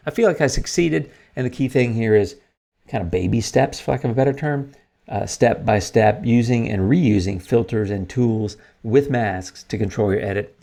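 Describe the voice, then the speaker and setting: A man with a mid-pitched, gravelly voice walks through a photo edit in a relaxed, chatty way. He thinks aloud as he goes, with frequent ums and restarts. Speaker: photo editing tutorial host. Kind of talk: casual screen-recorded tutorial.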